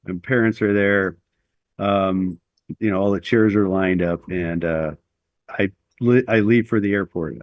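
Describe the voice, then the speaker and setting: A man's voice: low-pitched, fairly even intonation, unhurried, dry recording, lo-fi sound. A middle-aged man telling a long personal story as an interview guest, rambling and self-deprecating with lots of fillers.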